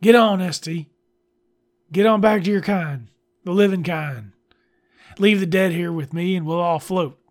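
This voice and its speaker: A man doing a brash, yelling brother. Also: sits high, a little slow, long pauses, voice pushed up. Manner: shouting, urgent.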